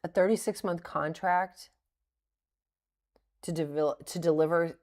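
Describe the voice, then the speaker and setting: A woman's voice: on the low side, fairly even intonation, a little slow, a little mellow. A middle-aged woman livestreaming her day trades, thinking aloud and openly scolding herself over her mistakes. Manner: thinking aloud, self-critical, breaks into laughs. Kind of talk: live-streamed trading commentary.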